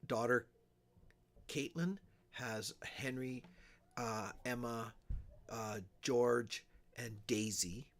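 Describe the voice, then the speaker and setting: An older man from Alberta talks to his viewers on a livestream. He chats in a loose, rambling way, answering their comments as they come in. His voice has a middling pitch. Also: a bit bright. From Alberta, Canada. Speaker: livestream host. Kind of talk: casual livestream chat with viewers. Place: small town home.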